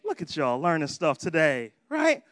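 A man's voice: high voice, normal speed, fairly bright tone, no echo, clean studio sound. A man preaching a sermon in a conversational, playful way, often checking in with "right?".

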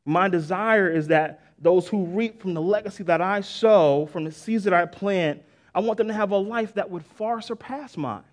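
A man's voice: high-pitched, moderate pace. A middle-aged male pastor preaching a sermon in a casual, conversational way, often saying "man" and "right?", with restarts and sudden bursts of emphasis.

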